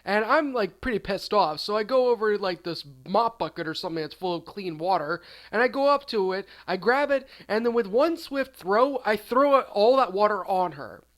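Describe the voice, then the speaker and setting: A channel host spins an absurd comedic storytime in a rambling, offhand, deadpan way, trailing off now and then. His voice sits high and he speaks at a moderate pace with hardly any pauses.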